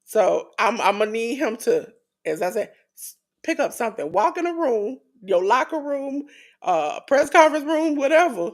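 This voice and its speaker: A woman co-hosting a wrestling podcast, talking in an animated, emphatic way and laughing often. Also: on the high side, normal speed. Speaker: podcast co-host. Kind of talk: casual wrestling chat.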